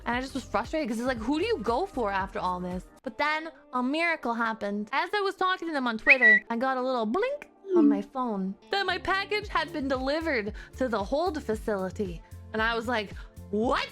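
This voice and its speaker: A woman streamer telling a frustrating story in a casual, animated rant, acting out both sides of the conversation with exasperation. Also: sits high, fairly quick, hardly any pauses, faint music behind.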